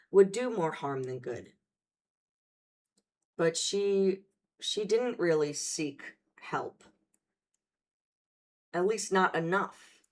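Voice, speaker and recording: A woman hosting casual commentary, talking in a blunt, profane and sarcastic way. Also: lowish voice. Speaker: host.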